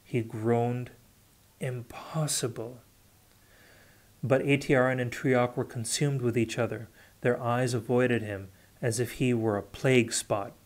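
A man reading a novel aloud unrehearsed, in a measured, unhurried way. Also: medium pitch. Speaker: audiobook reader. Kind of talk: unrehearsed audiobook narration.

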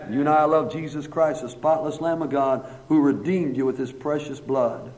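A man's voice: fairly high pitch, steady tone, moderate pace, hardly any pauses, darkish tone. A man preaching a sermon in a church hall, then praying, with emphatic rising phrases and long repeated lists. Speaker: pastor. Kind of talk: sermon and prayer. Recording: dull lo-fi church recording.

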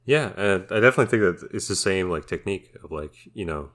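A man with an exceptionally deep voice talks through a casual podcast discussion. His manner is sardonic and mocking. He sounds like a guest offering cutting opinions. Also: lively intonation, fast, a bit bright.

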